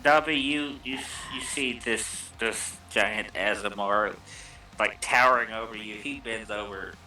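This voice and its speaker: A man playing a character in a tabletop role-playing game, lively and quick to laugh. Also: on the low side, faint music behind. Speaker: player. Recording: roomy, distant mic.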